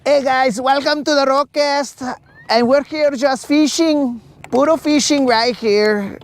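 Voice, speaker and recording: A man's voice: very high-pitched, slow pace, voice pushed up, full character voice. A man voicing a cheerful, hammy fishing host with an exaggerated heavy Spanish accent, mixing in Spanish words, outdoors on a boat.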